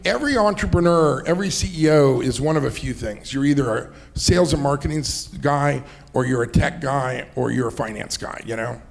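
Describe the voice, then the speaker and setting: A slightly high, gravelly voice belongs to a middle-aged man who invests and builds businesses. Guesting in a fireside chat, he rambles through anecdotes, laughing and repeatedly saying "you know."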